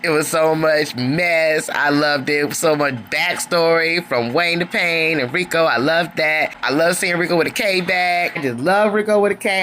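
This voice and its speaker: Sassy bright-voiced reality show reviewer. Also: mid-range voice, a little hiss or hum. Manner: sassy, chatty, calls listeners honey and girl. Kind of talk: casual episode recap.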